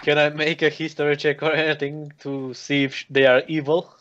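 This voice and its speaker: Male player, dry teasing humor, a bit high, muffled recording. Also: little pitch movement, fairly quick, very noisy. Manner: wry and teasing. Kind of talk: casual game table banter. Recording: dull lo-fi audio.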